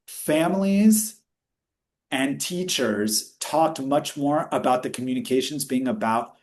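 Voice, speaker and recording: A man presenting research findings in a webinar discussion, energetic and explanatory, rushing through quoted questions. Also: medium pitch. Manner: energetic, speeds up when quoting questions; teaching, explanatory.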